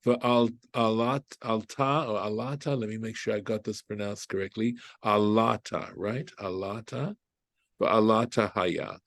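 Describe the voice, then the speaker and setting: A rabbi with a fairly low, steady voice leads an informal Torah study class at a slightly slow pace, with no echo. He thinks aloud, translates Hebrew phrases, and often checks in with "right?" during the casual group Bible study.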